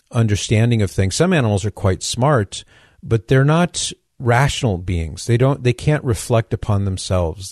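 A man with a low, mellow voice hosts a radio call-in show and explains his answers in a measured, orderly way. He is losing his voice, so it sounds a little worn. The sound is dry and close. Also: dry recording.

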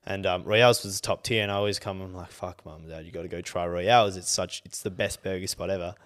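Young Australian male co-host with a low voice; casual, excitable, sweary. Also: fast. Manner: animated, swears a lot, gets loud when worked up. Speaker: podcast co-host. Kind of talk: casual chat.

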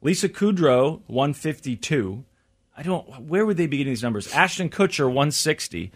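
A man's voice: fairly high pitch, lively intonation, normal speed. Chatty male radio host musing aloud. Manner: chatty, musing aloud, reads items from a list. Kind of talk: casual on-air chat.

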